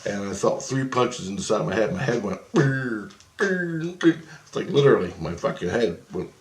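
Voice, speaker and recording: A man with a somewhat low voice tells a long, rambling story, swearing often and getting worked up as he goes. He slips into the voices of the people in it, and his voice rings around an echoey room. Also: a little fast, a little mellow, a little hiss or hum. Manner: profane, agitated, acts out voices in his story. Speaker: vlogger recounting astral travel. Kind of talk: rambling first-person storytelling.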